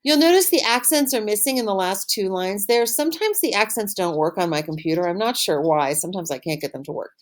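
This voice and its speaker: A woman teaching an online French lesson, saying words slowly and clearly for pupils to repeat and praising them warmly. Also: mid-range voice. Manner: encouraging, upbeat praise. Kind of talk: recorded online language lesson.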